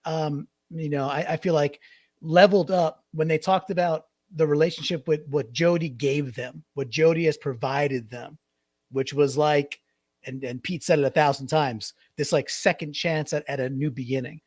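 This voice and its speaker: A man's voice: a little high, fairly even intonation, moderate pace, a little mellow, no room sound, studio quality. A man co-hosting a casual sports podcast, rambling and restarting, mocking quotes with put-on voices. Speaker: podcast co-host.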